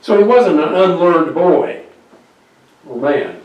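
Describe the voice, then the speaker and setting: A male pastor telling a Bible story in a conversational sermon with halting restarts, recorded from a distance in an echoey church. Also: a little high, big pitch swings, muffled recording. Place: church sanctuary. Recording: very echoey hall, distant mic.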